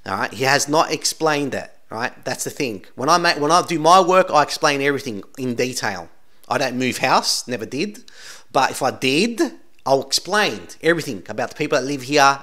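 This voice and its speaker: Insistent rambling man with a bright voice. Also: medium pitch. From Australia. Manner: repeats "right?" constantly, insistent and rambling. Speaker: channel host commenting on videos. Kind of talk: casual reaction commentary.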